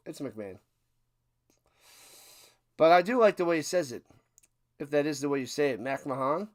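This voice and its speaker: A man streaming a live football watch party, giving casual play-by-play commentary and bursting into loud calls. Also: a little high, moderate pace, dry recording.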